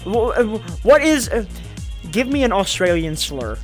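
High-voiced joking podcast host man. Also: sing-song, measured pace, soft background music. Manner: joking, swears, laughs a lot. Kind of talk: casual crude podcast banter.

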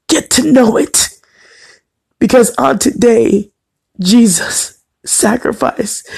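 A woman's voice: fairly high pitch, creaky, dark tone, husky. A woman radio host giving a fervent on-air devotional message, tearful and on the verge of crying, repeating her phrases as she preaches.

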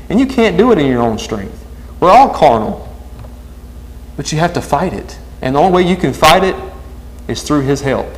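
A man's voice: medium pitch, expressive, normal speed, poor audio. A man preaching a sermon, earnestly asking the congregation one question after another.

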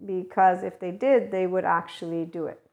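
A woman giving a casual, rambling spiritual teaching monologue as a guidance channeler, talking conversationally with soft laughs. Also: fairly low pitch, fairly even intonation, normal speed.

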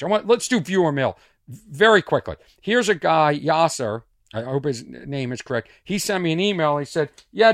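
Male podcast host from Boston, animated storyteller with a lilting, up-and-down delivery in a dead-dry room. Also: fairly high pitch, dry recording. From Boston, USA. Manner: rambling, animated storyteller with asides and restarts. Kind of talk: casual monologue podcast.

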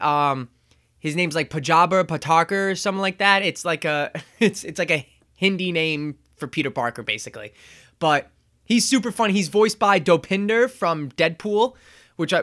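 A man's voice: high voice, pushed and bright. A man hosting a podcast, recapping a movie in casual chat, rambling with chuckles and acting out quotes. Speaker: podcast host.

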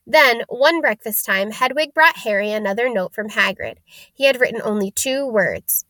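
A woman narrating a storybook aloud in a steady, plain reading manner. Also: fairly high pitch, normal speed, no room sound.

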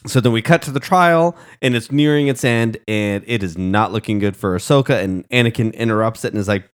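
A man with a low voice recaps a show in casual commentary. He is passionate and indignant, getting emotional as he talks. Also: moderate pace, clean tone.

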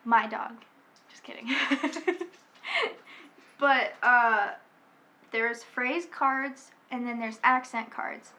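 A young woman in casual family chat, explaining game rules haltingly and giggling often. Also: a little high, bright, forceful tone, a little hiss or hum.

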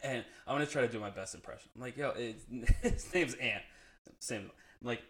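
A man's voice: mid-range voice, a little fast, fairly bright tone. A man telling a profane, laugh-filled story in a casual chat, acting out the people he quotes. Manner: profane, laughs often, acts out quoted friends.

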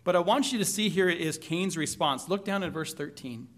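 A man's voice: high voice, moderate pace. A man preaching a sermon, reading scripture aloud and asking the congregation questions with light humor. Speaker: pastor.

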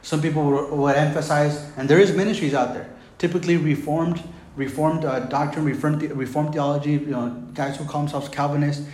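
A man's voice: fairly high pitch, fairly even intonation, brisk, a little mellow, echoey room, poor audio. A male pastor preaching a sermon in a casual, conversational way, often saying "man" and "right?".

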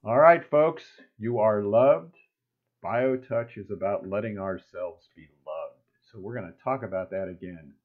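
A man co-hosting a casual weekly chat show, animated and laughing often, sometimes breaking into a high playful voice. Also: unhurried. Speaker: co-host. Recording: tinny phone-like line.

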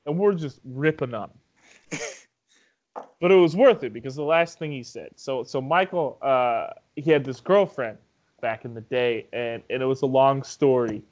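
A man in casual storytelling chat, animated, laughing often and acting out quotes with plenty of swearing. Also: medium pitch, normal speed, lo-fi sound.

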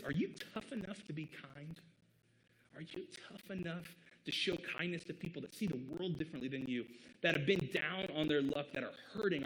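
A man's voice: a little high, poor audio. A man from the American Midwest preaching a sermon, conversational and earnest, leaning on emphatic rhetorical questions. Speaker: pastor.

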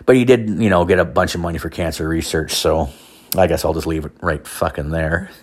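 A man's voice: deep voice, a little fast, husky. A man hosting a podcast, telling rambling, profane comedic stories in a casual rant. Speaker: podcast host.

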